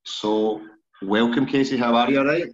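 A Scottish man in his forties hosts a casual podcast interview, chatty and self-deprecating. His mid-range voice moves at normal speed, with the highs cut off and music in the background.

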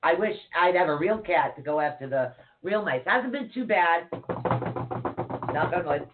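A woman's voice: on the low side, expressive, normal speed, loud music behind the voice. A woman co-hosting a casual livestream, chatty and rambling, cracking jokes as she greets viewers. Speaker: co-host. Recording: tinny phone-like audio.

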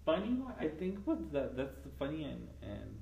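A man's voice: on the high side, sing-song, moderate pace, gravelly, dull audio, a little hiss or hum. A man chatting casually, laid-back and rambling, with lots of fillers. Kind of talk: casual chat. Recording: roomy echo, faint ambience.

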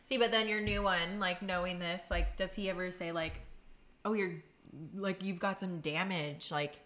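Bright-voiced chatty young woman. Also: lowish voice, fairly even intonation, moderate pace. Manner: chatty, heavy use of "like", laughs often. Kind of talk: casual chat.

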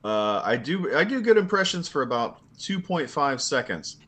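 A man chatting casually on a video call, jokey and rambling, quick to laugh. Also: mid-range voice, sing-song, fairly bright tone, slightly rough. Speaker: podcast guest.

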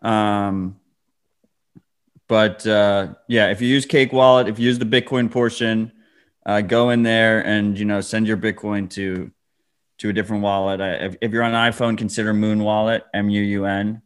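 A man's voice: fairly low pitch, little pitch movement, normal speed, smooth. A man co-hosting a podcast, chatting casually and ranting in a laid-back way. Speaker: podcast co-host. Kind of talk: casual chat.

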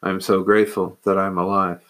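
Devout grateful woman in prayer, recited by a man; low, level voice, unhurried and soft. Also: flat delivery. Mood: reverent. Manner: slow, reverent, soft. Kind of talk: quoted prayer.

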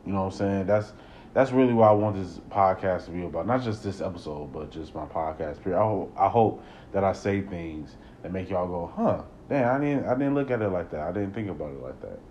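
Deep-voiced man hosting a solo podcast. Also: a little fast, highs cut off, a little hiss or hum. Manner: rambling, repeats words, rises into animated rants. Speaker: podcast host. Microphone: close podcast mic.

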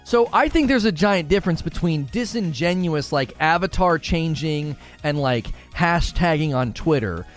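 A man's voice: fairly high pitch, lively intonation, normal speed, few pauses, soft background music. A man streaming and giving a casual, argumentative rant, repeating and restarting his words as he pushes his point.

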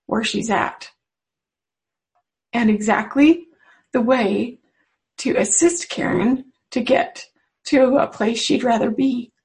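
A woman's voice: on the high side, low-quality recording. Earnest woman with a raised voice. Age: adult mother. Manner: earnest and confiding, with unhurried pauses. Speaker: webinar presenter. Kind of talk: personal spiritual talk.

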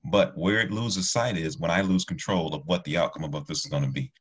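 A man's voice: deep voice, fairly quick, slightly rough. A man who teaches martial arts, talking earnestly in a rambling, casual discussion with many restarts.

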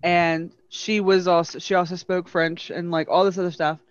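A man chatting casually, telling an energetic story. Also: sits high, moderate pace, clean tone. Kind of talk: casual chat. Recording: dull dry lo-fi.

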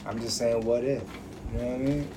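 Brief: man, profane riffing storyteller, average pitch, noisy mic. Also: fairly even intonation, a little fast. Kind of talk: casual chat. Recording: noisy recording.

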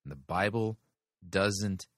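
This is a man hosting a commentary show, picking apart a sermon in a deliberate, critical way. His voice is on the low side but bright and forceful, and he stresses single words. The recording is dry, with no room sound. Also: no room sound. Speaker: podcast host critiquing a sermon.

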